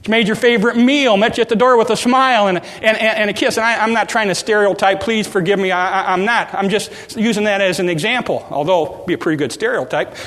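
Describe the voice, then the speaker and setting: High-voiced preacher in an echoing hall. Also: male voice, fast talker, few pauses, a bit bright. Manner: folksy and humorous, acting out little scenes. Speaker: pastor. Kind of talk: sermon.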